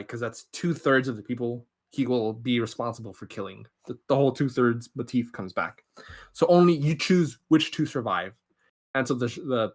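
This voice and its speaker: A man hosts a podcast and retells a film plot in a loose, rambling flow. He swears in passing and keeps restarting his sentences, like someone caught up in the story. His voice sits at a middling pitch for a man. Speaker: podcast host. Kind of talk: casual film plot recap.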